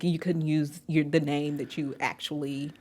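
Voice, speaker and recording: Lower-voiced woman asking a friend questions, lots of mm-hmms. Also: level tone, normal speed. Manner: attentive, frequent soft affirmations. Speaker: interviewer. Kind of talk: conversational interview. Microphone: studio microphone.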